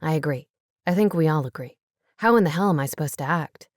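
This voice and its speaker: Lady doing a lowered, fed-up guy talking fast. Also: expressive, no room sound, studio quality. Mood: exasperated. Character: exasperated man, burdened and frank.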